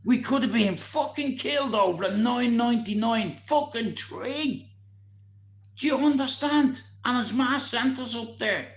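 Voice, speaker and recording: A man, telling a story in casual, animated chat, swearing constantly. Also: very high voice, a little slow, reverberant. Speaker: vlogger.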